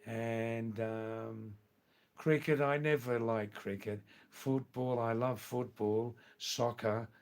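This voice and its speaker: Slow, unhurried older Australian man. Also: medium pitch, fairly even intonation. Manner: unhurried, answers each message personally, repeats words. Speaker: live-stream host. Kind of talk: live-stream chat, answering viewer messages.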